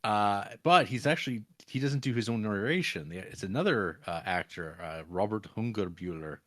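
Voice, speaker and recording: A man co-hosting a podcast, chatting about films with halting restarts and trivia asides. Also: lowish voice, expressive, fairly bright tone, no echo, studio quality. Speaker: podcast co-host. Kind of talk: casual film chat.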